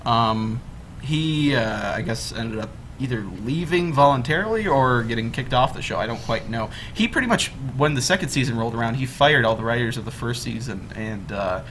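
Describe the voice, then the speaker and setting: A man's voice: medium pitch, lively intonation, moderate pace, a bit bright, a little hiss or hum. A young man hosting a casual group chat, rambling with lots of fillers and restarts.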